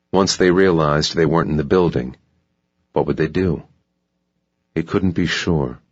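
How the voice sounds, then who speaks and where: Man, audiobook narrator, measured pace, husky voice, dry close sound. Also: very deep voice, dry recording. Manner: slow, measured. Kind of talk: scripted narration. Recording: dull dry audiobook recording.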